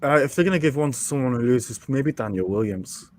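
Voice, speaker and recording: A man co-hosting a live fight watch-along, chatting casually and jumping up in pitch when he reacts. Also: expressive, a little fast, darkish tone, a little hiss or hum. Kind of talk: casual live commentary chat.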